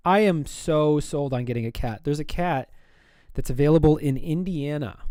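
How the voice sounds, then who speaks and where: Chatty man streamer, self-mocking, mid-pitched, dry close mic. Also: mellow, no echo. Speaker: streamer and artist. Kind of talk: casual livestream chat while drawing.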